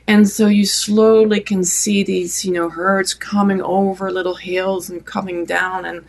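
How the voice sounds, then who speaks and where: Middle-aged French-accented woman, interview guest, mid pitch, gravelly fry, chatty storyteller with restarts. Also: a little slow. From France. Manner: animated storyteller, many fillers and restarts. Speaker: photographer guest.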